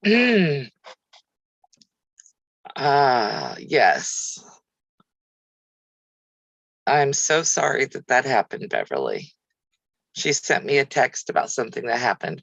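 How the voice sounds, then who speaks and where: A woman's voice: very deep voice, vocal fry, husky, no echo, low-quality recording. A woman hosting a casual livestream chat, talking easily and answering viewer comments by name. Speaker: craft channel host.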